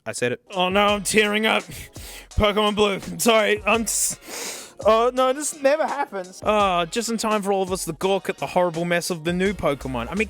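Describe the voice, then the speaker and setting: Host: young Australian guy, high-pitched, excitable and jokey, faint music under him. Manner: excitable, jokey, laughs often. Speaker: YouTube host. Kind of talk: casual nostalgic commentary.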